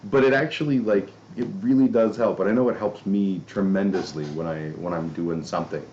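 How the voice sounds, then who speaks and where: Very deep-voiced rambling male podcast host. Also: brisk, darkish tone, slight background noise. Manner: rambling, swears casually, self-deprecating asides. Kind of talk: casual chat. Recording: dull lo-fi audio.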